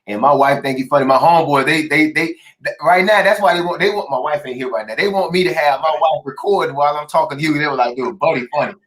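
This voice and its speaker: Fast-talking dude hosting his show, lots of energy, laughs a lot. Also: on the high side. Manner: energetic, chatty, laughs easily. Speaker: show host. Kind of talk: casual podcast interview.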